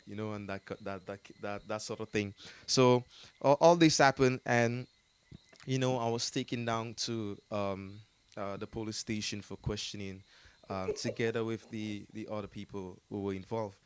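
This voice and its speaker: A man's voice: lowish voice, normal speed, clear, resonant tone. A man with a Jamaican accent telling a story in a casual interview, rambling with many fillers and frequent laughter. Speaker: artist telling his story as a guest.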